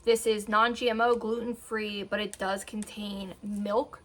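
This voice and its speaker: A woman's voice: mid-range voice, completely flat delivery, unhurried, a bit bright. A woman in her thirties chatting casually to camera in a home vlog, rambling between topics and breaking off to talk to her dogs. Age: 30s. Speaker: beauty vlogger. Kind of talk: casual chat.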